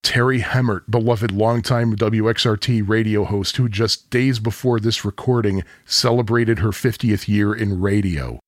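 A man's voice: fairly low pitch, moderate pace, hardly any pauses, no echo, studio quality. A man from the Chicago area hosting a podcast, telling nostalgic stories in a chatty, self-deprecating way. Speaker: podcast host. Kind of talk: casual storytelling monologue.

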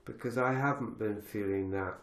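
A man's voice: lowish voice, moderate pace, echoey room. A man hosting a podcast conversation, reflective and thinking aloud with many fillers and restarts. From lives in Galicia. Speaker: podcast host.

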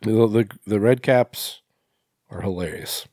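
A man's voice: on the low side, measured pace, a little mellow, no room sound, studio quality. A man co-hosting a podcast, chatting casually about a film with short agreeing replies and some swearing. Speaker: podcast co-host. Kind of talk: casual chat reviewing a film.

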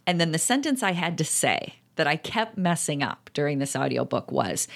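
A middle-aged woman co-hosting a parenting talk, speaking emphatically and jumping up in pitch on key points. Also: very animated, normal speed, gravelly, hardly any pauses. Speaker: podcast co-host, parenting author. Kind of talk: casual conversational chat.

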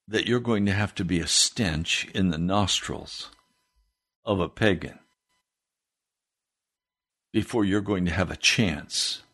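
A man preaching a sermon as pastor, swinging his pitch up into emphatic questions. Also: fairly bright tone.

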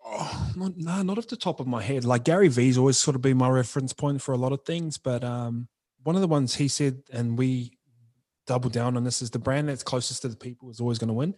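A man's voice: medium pitch, fairly quick, a little mellow. A young man talks as a podcast guest about running his clothing brand. His speech is loose and slangy, packed with fillers. He is frank and unpolished in manner. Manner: slangy, frank, says bro and like often. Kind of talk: casual podcast interview.

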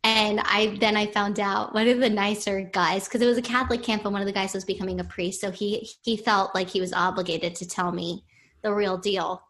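A female guest on a relaxed podcast, her pitch at an ordinary middle height. She tells a story with lively energy. She laughs between her lines as she goes. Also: a little fast. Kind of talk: casual podcast chat.

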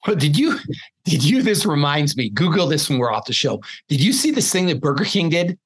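A man co-hosting a casual podcast over a video call, telling stories in an animated, sarcastic way and swearing freely. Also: a little high, fairly quick, husky. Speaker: podcast co-host.

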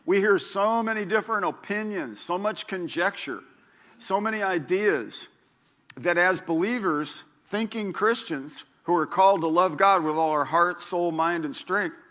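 A man in his sixties, a pastor, preaching a sermon in a chatty, animated way, acting out quotes and stories. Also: a little slow. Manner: animated, chatty, acts out quotes with big pitch jumps.

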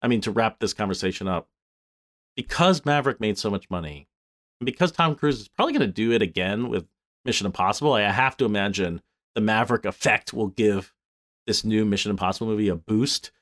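A man co-hosting a casual movie chat podcast, talking in an animated way and swearing freely. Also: fairly quick. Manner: animated, swears, swings pitch for mock quotes.

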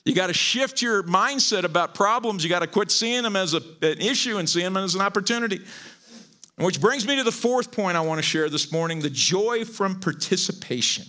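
A middle-aged man preaching a sermon, animated and joking, often repeating his words as he goes. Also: high-pitched, a little fast. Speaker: pastor.

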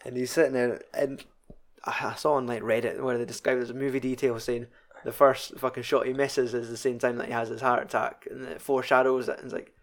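A man's voice: mid-range voice, level tone, quick pace. A young man with a Scottish accent chatting casually about a film, swearing freely and laughing often. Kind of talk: casual chat.

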